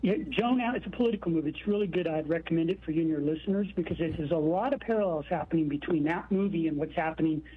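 A man's voice: a little high, fast talker, hardly any pauses, breathy edge. A man calling in to a radio show, earnest and rambling. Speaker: caller. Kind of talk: phone-in call. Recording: tinny phone line.

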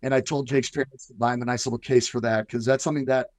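A man's voice: mid-range voice, little pitch movement, quick pace, no echo. A middle-aged man, a football coach, talking earnestly in a casual radio interview with many fillers and restarts.

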